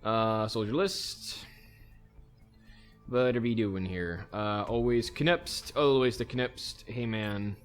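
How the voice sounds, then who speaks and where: A man's voice: on the low side, slow, faint music behind. A man hosting a let's play, casually thinking aloud as he plays a strategy game. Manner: easygoing, thinks aloud while playing. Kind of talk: casual gameplay commentary.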